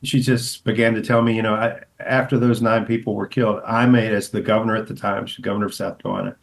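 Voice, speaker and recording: Low-voiced pastor telling rambling stories. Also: male voice, rough recording. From American South. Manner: rambling, full of restarts, acts out quotes in a higher voice. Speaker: pastor and author, podcast guest. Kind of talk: storytelling interview.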